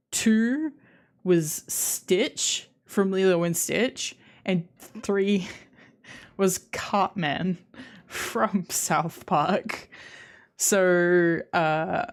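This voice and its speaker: A young woman with an Australian accent, chatting casually with viewers on a live stream, rambling and restarting her sentences with giggles. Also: on the low side. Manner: rambling, self-interrupting, giggly.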